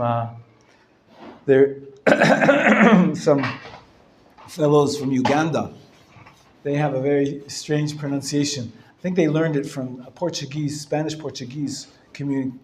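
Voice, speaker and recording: Slow, patient rabbi in an echoey classroom. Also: male voice, medium pitch, a little hiss or hum. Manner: patient, explanatory, repeats words slowly to demonstrate sounds; clears throat and chuckles often. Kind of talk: live classroom lesson on Hebrew reading. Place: lecture room. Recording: roomy echo from a live class.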